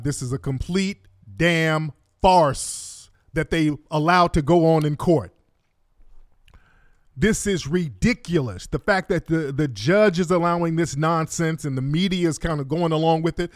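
A man reacts to court footage with indignant, mocking and profane commentary. His voice sits a little high for a man and is recorded close and dry. He talks straight at his viewers, stopping and starting as he cues up clips. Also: a little slow, no room sound. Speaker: online commentator.

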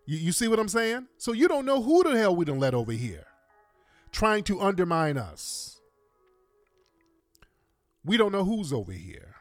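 A man's voice: high voice, huge pitch swings, normal speed, pauses often, no room sound, faint music behind. A man giving impassioned commentary to his viewers, emphatic and repeating catchphrases to the audience. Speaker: online commentator.

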